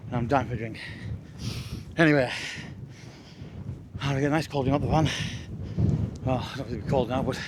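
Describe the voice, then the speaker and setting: A man's voice: mid-range voice, fairly even intonation, a little slow, long pauses. A man, talking to camera on a long walk, tired and chatty, puffing and sighing between remarks. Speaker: walking vlogger. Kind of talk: casual walking vlog. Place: outdoors on a moorland road. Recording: outdoor walk with noticeable background noise.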